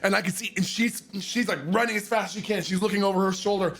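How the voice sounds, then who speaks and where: A man casually telling a story as a streamer, animated and profane, sometimes bursting into shouts. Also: high voice, fast, slightly rough.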